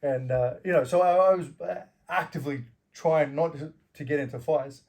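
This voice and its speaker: A man's voice: fairly high pitch, normal speed, vocal fry, a little mellow. Swearing australian man telling bouncer stories. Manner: swears freely, acts out quarrels in anecdotes. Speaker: guest, former fighter and bouncer. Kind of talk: casual storytelling interview.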